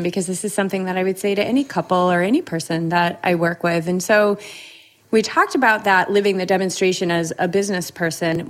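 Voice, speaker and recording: Lively woman hosting a podcast. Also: on the low side. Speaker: podcast host. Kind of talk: casual podcast conversation.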